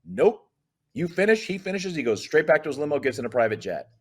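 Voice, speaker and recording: A man voicing a gruff male backstage security guard who answers in blunt, short statements. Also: a little high, big pitch swings, brisk.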